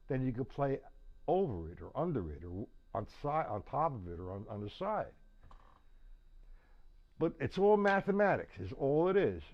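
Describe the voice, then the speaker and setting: A man's voice: medium pitch, dull audio. Plainspoken man teaching drums. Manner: counts beats aloud over his playing; plainspoken, repeats and restarts. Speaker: drum teacher. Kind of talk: live online drum lesson. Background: drum kit playing.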